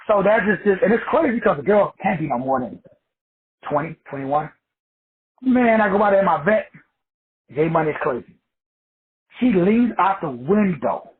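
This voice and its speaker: Raspy high-voiced man, tinny phone sound. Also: animated, normal speed. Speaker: metaphysics teacher. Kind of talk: casual profane storytelling talk.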